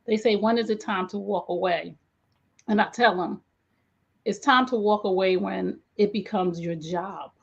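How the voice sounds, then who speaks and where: A woman's voice: medium pitch, fairly even intonation, unhurried, gravelly, husky. A woman hosting a relationship talk as a coach, emphatic and preacherly. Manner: emphatic, preacherly, exclaims often. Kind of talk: animated interview chat. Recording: dull lo-fi audio.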